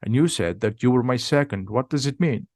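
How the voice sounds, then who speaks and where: A man's voice: mid-range voice, animated, fairly quick, darkish tone, dry recording, clean studio sound, natural voice. A man reading the lines of a brave young schoolboy wizard in a cool, determined way.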